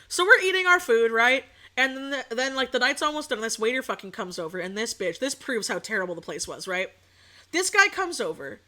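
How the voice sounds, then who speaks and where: A high, bright-voiced young woman telling a story on her stream. She rants with wild swings in pitch and plenty of swearing. She is streaming from home into a desk microphone. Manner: animated ranting with frequent swearing and outbursts. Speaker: VTuber streamer. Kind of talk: casual livestream storytelling.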